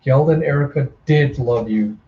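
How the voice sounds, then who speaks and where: A man voicing a resolute young cyborg heroine who speaks calmly and earnestly, in a roomy home recording. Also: medium pitch, moderate pace, recorded from a distance, muffled recording, slight background noise, close to an everyday voice. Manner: calm, earnest.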